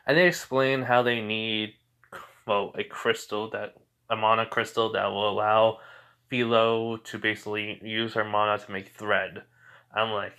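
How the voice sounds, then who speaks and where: A young man tells a made-up fan story in a loose, rambling way. He sounds tired, keeps circling back with "basically" and "like", and slips into quick bits of dialogue as he goes. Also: mid-range voice, fairly bright tone. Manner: rambling, repeats "basically" and "like", acts out quotes. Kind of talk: casual retelling of an imagined anime adventure.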